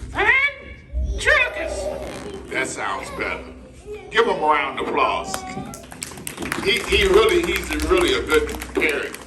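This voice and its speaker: Coaxing ventriloquist man, lively pitch. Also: moderate pace, recorded from a distance. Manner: coaxing, playful talk to children and puppet. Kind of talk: children's ventriloquist show. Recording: echoey room with loud noise.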